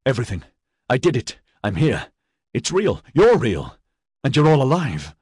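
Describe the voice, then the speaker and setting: A man's voice: fairly low pitch, normal speed, slightly rough, dry recording, clean studio sound. A man voicing a giddy young male adventurer who talks in a breathless, manic rush. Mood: elated.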